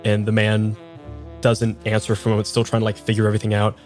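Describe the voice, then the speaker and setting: A man's voice: lowish voice, completely flat delivery, quick pace, darkish tone, soft background music. A man narrating a tabletop role-playing scene as game master, casual and vivid, with frequent fillers.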